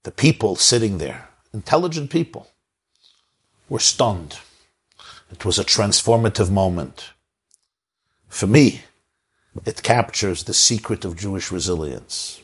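A man preaching, telling a story earnestly with dramatic pauses. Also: fairly low pitch, expressive, fairly bright tone, breathy edge. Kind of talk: sermon storytelling.

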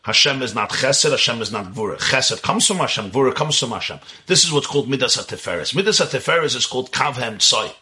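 A man giving a religious lecture on Kabbalah, talking with animated intensity and posing rhetorical questions. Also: mid-range voice, brisk, hardly any pauses. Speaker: teacher of Kabbalah.

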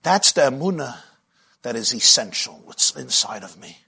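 A man's voice: mid-range voice, very animated, normal speed, gravelly, bright, forceful tone, slightly rough. A middle-aged man giving a spiritual lecture as a Jewish teacher, with rhythmic, repetitive phrasing that often builds with passion.

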